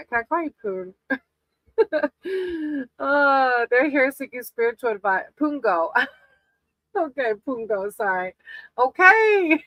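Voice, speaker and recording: Woman streaming tarot readings, higher voice, affectionate and giggly with viewers. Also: lively intonation, unhurried, long pauses, fairly bright tone, dry recording, low-quality recording. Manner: affectionate, calls viewers sweetie, laughs often. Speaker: tarot reader on a livestream. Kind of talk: casual live tarot reading.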